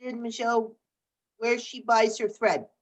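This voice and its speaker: A woman hosting a video call, taking questions from viewers in an unhurried way. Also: a little high, little pitch movement. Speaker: host. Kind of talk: casual chat. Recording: distant video call audio.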